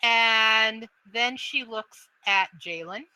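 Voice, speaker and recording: Slow, bright-voiced woman game master. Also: a little high, clear, resonant tone, dry recording, poor audio. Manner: halting, with many restarts. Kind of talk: narrating a tabletop game.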